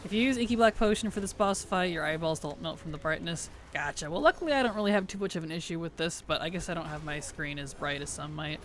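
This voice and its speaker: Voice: mid-range voice, fast, few pauses, a bit bright, slight background noise. A streamer chatting casually while playing, laughing often and answering questions from chat.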